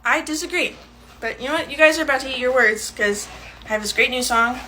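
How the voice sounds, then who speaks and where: A woman's voice: high-pitched, brisk, pushed and bright, slight background noise. A young woman performing short comedy sketches, playing every part herself with a dry, matter-of-fact delivery.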